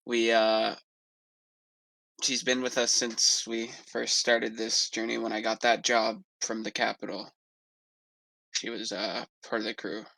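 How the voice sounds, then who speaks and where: A man playing a grieving, protective male adventurer, telling a slow, halting story in character during a tabletop role-play. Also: lowish voice, little pitch movement, creaky, pushed and bright, no room sound, exaggerated voice, low-quality recording. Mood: somber.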